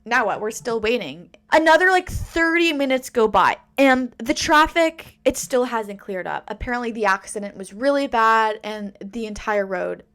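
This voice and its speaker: A woman hosting a casual storytime podcast, telling a story with an animated, dramatic delivery. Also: fairly high pitch, moderate pace, few pauses. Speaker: podcast host.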